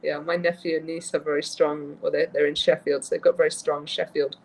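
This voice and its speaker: A woman's voice: sits low, flat delivery, fairly quick, vocal fry, low-quality recording. A woman guest, a book cover designer chatting casually over a video call, laughing often. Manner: light, giggly, frequent laughter.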